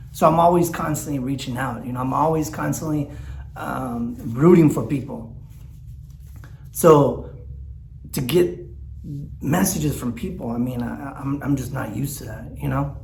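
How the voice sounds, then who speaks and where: A man's voice: mid-range voice, unhurried, vocal fry, long pauses, darkish tone, reverberant, slight background noise. A man talks candidly in a personal vlog, teary and rambling, with lots of fillers and restarts. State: teary, choked up. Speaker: vlogger. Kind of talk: emotional personal vlog talk.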